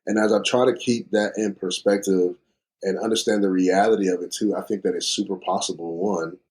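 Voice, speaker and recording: Reflective low-voiced podcast host. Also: male voice, steady tone, fairly quick, a little mellow. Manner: reflective, thinking aloud. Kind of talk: casual conversation.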